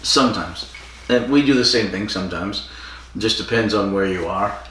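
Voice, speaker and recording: A man's voice: on the low side, moderate pace, bright, forceful tone, slight background noise. A man co-hosting a podcast, casually retelling a story with fillers and quoted lines. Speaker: podcast co-host. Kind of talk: casual chat. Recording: echoey room from far off.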